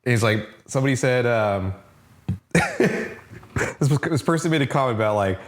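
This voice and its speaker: A man's voice: mid-range voice, lively intonation, unhurried. A man co-hosting a casual comic book review podcast. He sounds laid-back and swears freely. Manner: laid-back, profane, laughs while telling stories. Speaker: podcast co-host.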